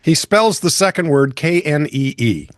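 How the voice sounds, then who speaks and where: A man's voice: on the high side, expressive, measured pace, no room sound. A man hosting a podcast, chatting casually with dry, wry asides and reading listener comments. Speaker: podcast host. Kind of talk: casual comedic banter.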